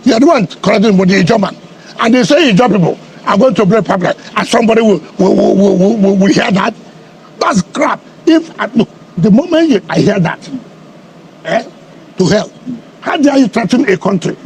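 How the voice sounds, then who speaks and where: A man's voice: sits high, animated, a little fast, darkish tone, husky. A middle-aged man from Nigeria, a politician answering in a heated media interview, combative and repeating his questions for emphasis.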